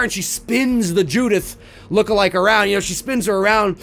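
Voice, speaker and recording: A man hosting a video, excitedly and profanely retelling a film idea scene by scene and acting out the moments. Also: high voice, brisk, vocal fry, slight background noise. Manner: excitable, profane, acts out scenes and sound effects. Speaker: video host pitching a film sequel idea. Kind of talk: animated casual retelling.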